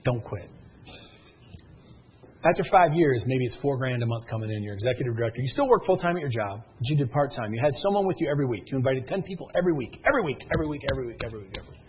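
A man with a medium-pitched, slightly rough voice speaks in an animated, rapid-fire way, his intensity rising and falling. He's delivering a motivational speech to a live room at a sales meeting, pushing his audience with emphatic repetition and stories. The audio sounds tinny, like a phone.

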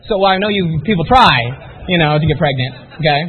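A man with a high, slightly husky voice delivers a rapid, energetic motivational talk to a live audience. He keeps asking the room questions and pushing them to commit. The sound is thin and tinny, like a phone line. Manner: energetic, rhetorical, quizzes the audience. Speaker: motivational business speaker. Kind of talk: live sales seminar pep talk.

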